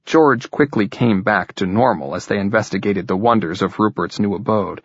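Low husky male audiobook narrator. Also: no echo. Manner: measured, even storytelling. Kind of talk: scripted narration. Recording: dull, dry lo-fi recording.

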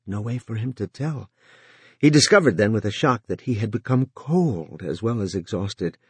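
Male narrator, low husky voice, lively pitch, dry close sound. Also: no echo. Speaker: audiobook narrator. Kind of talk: scripted narration.

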